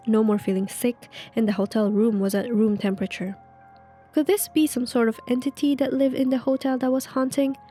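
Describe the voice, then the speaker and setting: Lady reading creepy stories slow and hushed, warm soft voice, little music underneath. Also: mid-range voice. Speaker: narrator reading online stories. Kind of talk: reading a creepy story aloud, then commenting. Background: faint music.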